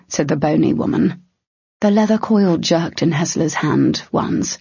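A woman narrating a fantasy audiobook, with lively character voices. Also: low-pitched, a little slow, gravelly, husky, no echo. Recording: dry, slightly dull close mic.

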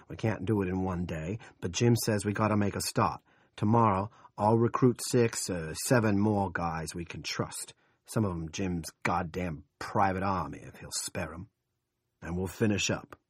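A man's voice: sits low, normal speed, breathy edge, no echo, clean studio sound. A man voicing a crude, menacing small-town bully who snarls out profane orders.

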